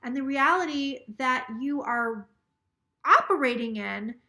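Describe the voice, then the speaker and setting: A woman with a bright, slightly high voice talks through a casual live psychic reading. She sounds a little tipsy and rambles as she relays a spirit's words. She swears freely along the way. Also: expressive, measured pace. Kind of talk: casual live tarot stream, relaying messages.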